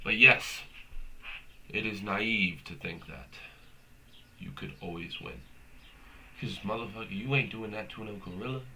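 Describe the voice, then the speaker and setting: A man's voice: on the low side, measured pace, long pauses, bright, forceful tone, slight background noise. A young man hosting a comedic rant, rambling and profane, tossing in "bro" constantly. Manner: profane, rambling, slangy, says "bro" a lot. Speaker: host.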